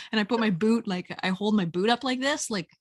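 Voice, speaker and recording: Woman, podcast host, animated storyteller, casual chat, mid pitch. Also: brisk. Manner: animated storyteller, acts out voices, laughs often.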